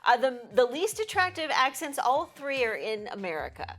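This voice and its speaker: A woman co-hosting a news and entertainment show, reading stories with a brisk, playful delivery. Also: sits high, very animated, fairly bright tone, faint music behind. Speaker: show co-host.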